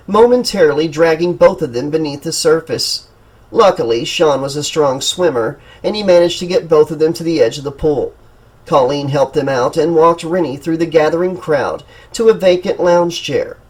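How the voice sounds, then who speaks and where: A man narrating a horror audiobook in a steady, dramatic storytelling manner. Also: a little high, normal speed, rough recording. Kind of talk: scripted narration.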